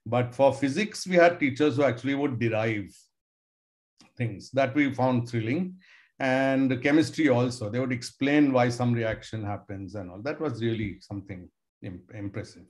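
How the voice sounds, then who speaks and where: A man's voice: medium pitch, normal speed, a little mellow. A man, a professor telling stories to students in a casual, musing way with many fillers. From India. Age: 60s. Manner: conversational, musing, with hedging fillers. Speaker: professor giving a talk. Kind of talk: storytelling lecture to students.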